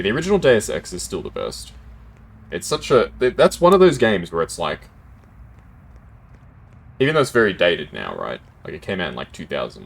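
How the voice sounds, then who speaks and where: A man's voice: sits low, creaky. A man casually commentating his gameplay as a streamer, chatty and laughing often, with keyboard typing close to the mic.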